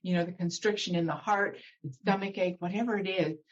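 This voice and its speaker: A woman guest speaking as a spiritual teacher, guiding a slow breathing meditation and then talking about emotions in a soothing way. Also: fairly low pitch, fairly even intonation, highs cut off. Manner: soothing, slows down to guide breathing. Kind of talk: guided meditation and spiritual talk.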